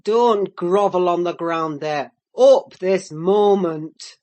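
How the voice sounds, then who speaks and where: A woman voicing a harsh, menacing middle-aged man who scolds his frail son with gruff scorn, in an audiobook reading. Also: rumbling low, fairly even intonation, slow pace, pitched below the performer's own voice. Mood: shouting. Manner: gruff, scornful, growls then bursts into shouts.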